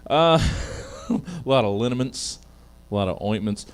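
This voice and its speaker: A man's voice: fairly low pitch, expressive, a little slow, smooth. A man hosting a comedy panel show, joking loosely and laughing often.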